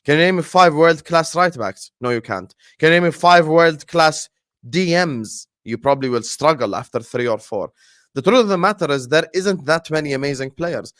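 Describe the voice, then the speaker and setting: A man's voice: on the high side, animated, moderate pace, fairly bright tone, dry recording, studio quality. A man arguing as a football podcast pundit in casual debate, emphatic and full of rhetorical questions.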